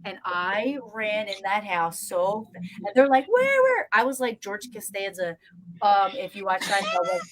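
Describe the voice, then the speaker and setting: Animated woman telling a story. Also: mid-range voice, unhurried, poor audio. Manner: animated, acts out voices in her story. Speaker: guest paranormal investigator. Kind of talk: casual storytelling chat.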